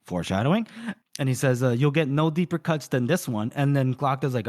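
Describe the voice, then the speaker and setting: A man's voice: mid-range voice, expressive, brisk, darkish tone. A man co-hosting a podcast, casually retelling a book's chapter with lots of fillers and quoted dialogue. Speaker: podcast co-host. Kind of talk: casual book recap.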